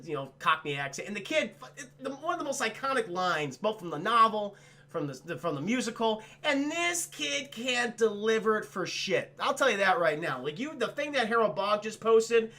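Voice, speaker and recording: A man's voice: high-pitched, sing-song, moderate pace, bright, forceful tone. A man streaming a crude, rambling film recap for his chat, full of swearing and mocking impressions.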